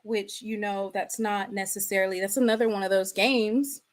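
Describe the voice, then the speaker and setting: A woman's voice: mid-range voice, fairly even intonation, moderate pace. A woman, hosting a casual livestream and talking straight to the people in the chat. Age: 30s. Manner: chatty, addresses the chat directly. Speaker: livestream host.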